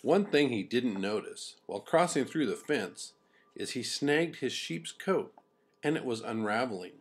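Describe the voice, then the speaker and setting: An older man narrating a children's storybook in an expressive, folksy way. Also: mid-range voice, unhurried, husky.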